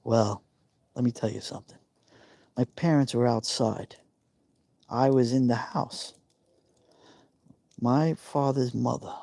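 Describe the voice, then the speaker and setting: This live-stream host, a man in his fifties from New York, has a warm, mellow, mid-range voice with vocal fry. He confides a personal story emotionally and repeats points to stress them. There's no room echo, so the audio sounds dry.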